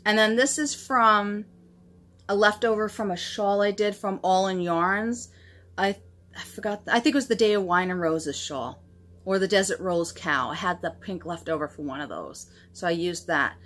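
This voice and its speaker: A woman's voice: mid-range voice, moderate pace, a bit bright. Female knitting podcast host, casual and chatty, gushing, self-deprecating. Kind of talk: casual show-and-tell chat.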